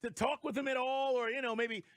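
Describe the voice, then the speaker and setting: A man hosting a sports talk radio show from a studio, telling stories in an animated, emphatic way. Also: very high-pitched, fairly quick, no echo.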